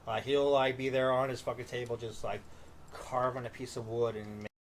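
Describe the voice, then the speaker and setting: A man co-hosting a live stream, chiming in with relaxed, profane remarks. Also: medium pitch, normal speed, slight background noise. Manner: laid-back, profane interjections. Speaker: podcast co-host. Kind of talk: casual chat on a live stream.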